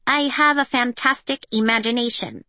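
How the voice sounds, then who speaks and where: A woman voicing a small female android with a deadpan, sarcastic manner, in an audiobook reading. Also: on the high side, normal speed, no room sound, pitched above the performer's own voice.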